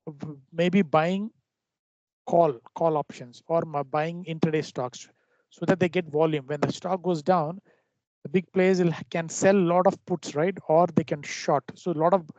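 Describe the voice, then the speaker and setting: A man teaching a trading lesson over a screen share, explaining in a halting way with frequent restarts. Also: fairly high pitch, darkish tone, dry recording. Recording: dull lo-fi dry recording.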